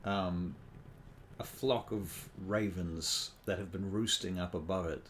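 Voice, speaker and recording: Casting: slow, deliberate male game master narrating a tabletop session. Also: sits low, steady tone, fairly bright tone, a little hiss or hum.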